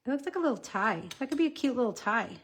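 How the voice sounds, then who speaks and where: A woman's voice: fairly high pitch, lively intonation, fast talker, slightly rough. A woman in her forties hosting a casual card-making livestream, chatting to viewers as she works. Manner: chatty, talks to viewers while crafting.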